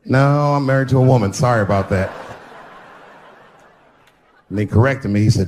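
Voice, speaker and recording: A man's voice: medium pitch, normal speed, pauses often, a little mellow, slight background noise. A man doing a stand-up routine on stage, telling stories with punchy, profane delivery and acting out the dialogue. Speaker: stand-up comedian. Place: stage before a live audience.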